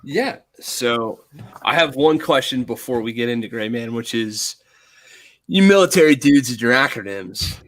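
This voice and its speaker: A man's voice: mid-range voice, animated, normal speed, a bit bright. A man co-hosting a podcast, asking questions in a joking, self-deprecating way. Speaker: podcast co-host. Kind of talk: casual chat.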